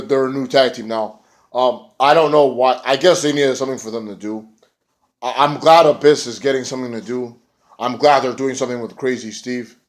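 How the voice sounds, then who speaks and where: A man giving a casual, rambling recap of a wrestling show, with swearing and many fillers. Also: medium pitch.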